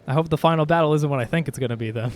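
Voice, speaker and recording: A man's voice: a little high, very fast, slight background noise. A man streaming a video game, chatting casually and joking with his viewers while he plays. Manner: chatty, jokey, reads game dialogue aloud. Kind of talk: casual gameplay chat. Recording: faint game music behind.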